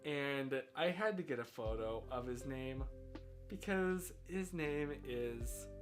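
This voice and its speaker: With faint lo-fi music in the background, an American man streams live, musing aloud in a loose, rambling, self-mocking style. He speaks slowly and expressively at a medium pitch.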